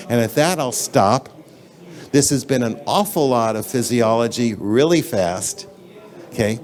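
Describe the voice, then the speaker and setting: A man's voice: mid-range voice, darkish tone. A man giving a conference lecture in a lecture hall, talking in an emphatic, blunt and conversational way, addressing the audience directly.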